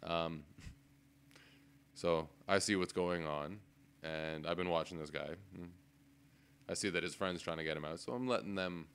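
Speaking unhurriedly and pausing often, this man has a low voice with a clean tone. He's a podcast co-host at a desk microphone, spinning a casual, animated tale full of swearing and laughter.

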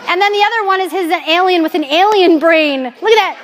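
A woman in her forties giving a candid, animated personal faith talk to an audience as a Catholic speaker, mixing in jokes. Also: extremely high pitch, fairly quick, a faint crowd, a little hiss or hum.

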